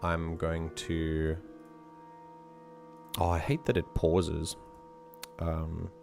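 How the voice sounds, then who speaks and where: Deep-voiced male game master. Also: completely flat delivery, very slow, vocal fry, a little mellow, soft background music. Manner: hesitant, lots of fillers. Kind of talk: narrating a tabletop game.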